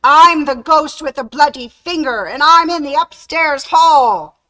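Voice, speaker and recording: A woman voicing a moaning male ghost in a told ghost story, pitched high and loud. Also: expressive, a little slow, dry recording. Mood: wailing. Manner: moaning, growing louder with each repeat. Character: moaning male ghost drawing ever closer.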